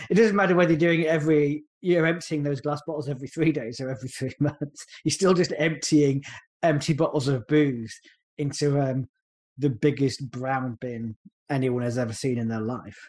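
A man's voice: a little high, darkish tone. A man co-hosting a comedy podcast, joking and sarcastic as he reads from his notes. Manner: jokey, sarcastic, breaks into quick silly voices. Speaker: podcast co-host. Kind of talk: casual comedic podcast chat.

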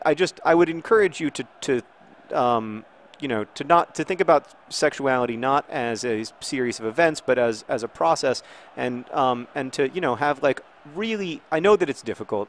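Host, thirties man, mid-pitched, halting and rambling, with sudden excited yelps at the game. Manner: rambling, halting, many fillers and restarts; bursts into excited outcries at the game. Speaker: video host playing a football game. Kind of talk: casual talk over gameplay.

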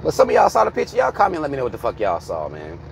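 A man's voice: mid-range voice, wildly swooping pitch, very fast, creaky, slight background noise. Blunt swearing American man ranting. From United States. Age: 30s. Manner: heated, blunt, swearing freely. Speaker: vlogger. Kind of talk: profane ranting commentary. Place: inside a car.

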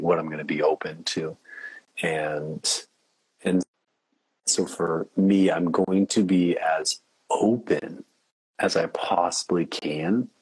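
A man's voice: deep voice, breathy edge, dry recording, poor audio. A man who is a podcast guest, talking in an earnest, reflective way and laughing easily. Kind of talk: casual interview chat.

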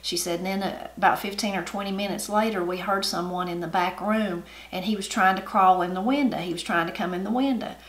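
A middle-aged woman with an Appalachian accent, hosting her channel and telling family stories in a folksy, unhurried way. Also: medium pitch, steady tone. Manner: folksy, unhurried storytelling with homey grammar. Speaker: channel host. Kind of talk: family storytelling. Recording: roomy echo.

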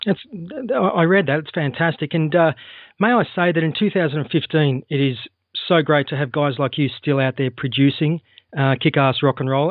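A man's voice: a little high, no room sound. A man hosting a radio interview, asking friendly, enthusiastic questions. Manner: enthusiastic, friendly questions, frequent short acknowledgements. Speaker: radio show host, interviewer. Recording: dry tinny phone-like sound.

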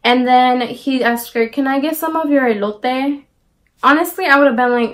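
A young woman telling a storytime to her viewers, casual and slangy, with animated asides. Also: high-pitched, moderate pace. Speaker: vlogger. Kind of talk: storytime vlog.

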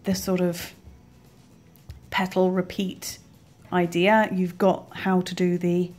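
A woman's voice: lowish voice, level tone, slow pace, darkish tone, soft background music. Chatty woman teaching crochet steps. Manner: chatty, counts stitches aloud, checks understanding. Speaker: crochet tutorial host. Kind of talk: casual instructional talk.

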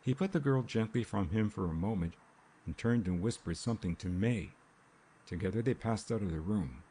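A man reading an audiobook in a measured, even storytelling manner. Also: on the low side, slight background noise. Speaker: audiobook narrator. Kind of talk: scripted narration.

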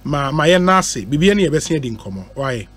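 Reading listener messages on his radio talk show, the Ghanaian host switches between Twi and English at a fairly quick clip, his voice fairly high. He's lively and laughs often, speaking through a studio mic.

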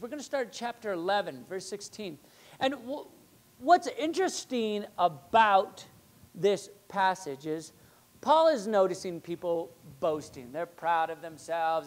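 A pastor delivering a sermon in an easy, conversational way, often turning to the congregation with rhetorical questions. His voice rises for emphasis and drops low for quieter, more pointed remarks. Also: lively intonation, normal speed.

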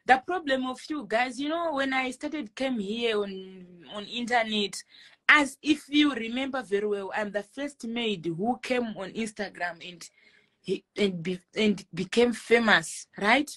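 A woman's voice: fairly high pitch, measured pace, rough recording. Brash young Zimbabwean woman streaming live. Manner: loud, self-assured, preachy pep talk mixing English and Shona. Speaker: social media personality doing a live stream. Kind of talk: casual live-stream chat reading comments.

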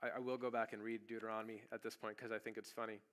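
A male pastor preaching a sermon in a church, telling the story casually and then breaking into sudden loud bursts. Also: on the low side, flat delivery, rapid-fire. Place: church sanctuary.

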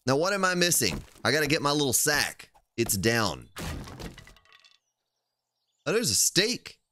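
A man's voice: mid-range voice, wildly swooping pitch, a little slow, bright, forceful tone, a little hiss or hum. A man streaming a survival game live, chatting casually and playfully joking with his chat while he plays.

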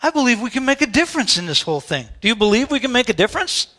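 Male pastor with a high voice, storytelling sermon with a chatty delivery, church setting. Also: big pitch swings, very fast, bright, forceful tone. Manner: conversational storytelling, with asides to the congregation.

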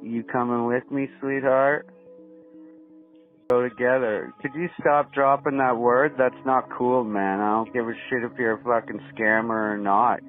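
A man on a prank call, taunting and cursing with relish. His voice sits at an ordinary middle pitch and comes through a thin, tinny phone line. Faint music plays underneath. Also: fairly even intonation, unhurried. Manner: mocking, profane, taunting. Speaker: prank caller baiting scammers.

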